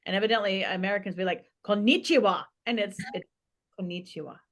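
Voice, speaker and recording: A woman's voice: mid-range voice, steady tone, rapid-fire, a bit bright. A woman hosting a faith podcast, chatting in a playful, casual way and laughing often as she tells stories. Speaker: podcast host. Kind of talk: casual chat.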